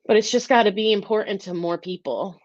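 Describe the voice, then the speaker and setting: A woman's voice: medium pitch, brisk, dry recording. A woman hosting a live-stream talk, speaking earnestly and emotionally, rambling with frequent restarts. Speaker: host. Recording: dull, dry lo-fi sound.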